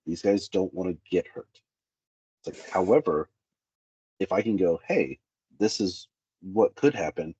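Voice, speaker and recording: A man's voice: low-pitched, measured pace, long pauses, husky, no echo, highs cut off. A man in a candid interview, a safety specialist who tells workplace stories and acts out the dialogue. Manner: animated, acts out quoted dialogue.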